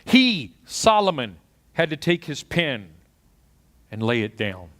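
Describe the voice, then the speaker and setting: A middle-aged pastor from Texas preaching a sermon, swinging between loud punchy asides and quiet storytelling. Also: male voice, medium pitch, very animated, takes it slowly.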